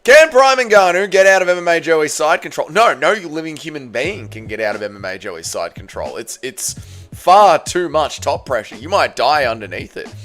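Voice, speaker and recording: A hoarse man with an Australian accent hosting a casual livestream, reading viewer comments with loud, playful banter. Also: a little high, sing-song, moderate pace, faint music behind. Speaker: livestream host.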